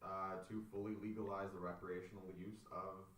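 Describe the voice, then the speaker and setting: A man's voice: low voice, little pitch movement, brisk, a bit bright. A man co-hosting a casual political podcast, setting up topics in an easygoing way. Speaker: podcast co-host. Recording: roomy, distant mic with faint noise.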